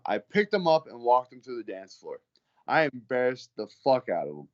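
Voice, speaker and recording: With the top end of the audio cut off, a medium-pitched man speaks at a steady, moderate pace. This heavyweight fighter swaps relaxed interview stories, swearing liberally and playing out the people he quotes with lively flair.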